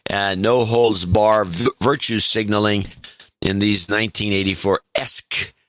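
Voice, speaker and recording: A man's voice: lowish voice, fairly even intonation, unhurried, fairly bright tone, no echo. A man co-hosting a podcast, reading listener notes aloud with dry asides. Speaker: podcast co-host.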